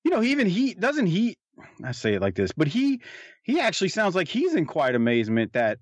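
A man's voice: high voice, wildly swooping pitch, brisk, dry recording. A man co-hosting a casual commentary chat, rambling with many restarts and fillers. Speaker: podcast co-host. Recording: dull lo-fi recording.

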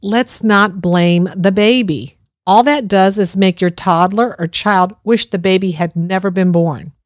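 A woman's voice: medium pitch, measured pace, dry recording, clean studio sound. Earnest middle-aged woman giving parenting advice. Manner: earnest, reassuring, addresses listeners directly. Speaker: parenting speaker. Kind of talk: instructive parenting talk.

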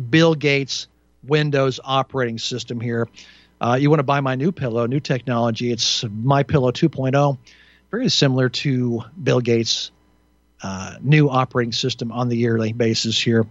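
A man's voice: medium pitch, dry recording, muffled recording. A man hosting a talk radio show alone, rambling through indignant, sarcastic commentary with frequent restarts and fillers.

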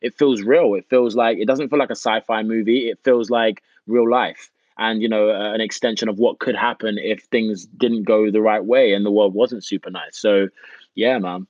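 British actor in a dull, dry recording. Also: male voice, on the low side, normal speed, no room sound. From England. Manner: relaxed, chatty, drops in fillers like "you know" and "man". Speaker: actor, podcast guest. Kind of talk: casual interview chat.

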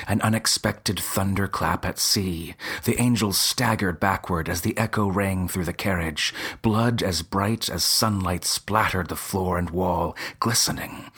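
A man narrating a first-person story in a measured, dramatic way with a husky voice. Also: sits low, fairly bright tone.

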